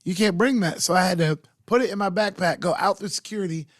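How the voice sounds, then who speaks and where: A man co-hosting a podcast, telling animated, profane anecdotes with stumbling restarts. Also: high voice, fast talker, dry recording, studio quality. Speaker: podcast co-host. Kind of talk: casual chat, storytelling. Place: podcast studio.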